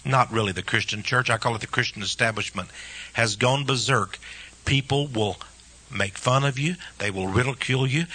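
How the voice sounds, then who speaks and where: Fiery preacher man, bright husky voice. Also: medium pitch. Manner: impassioned, rhetorical questions, swings from loud peaks to hushed asides. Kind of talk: fiery sermon.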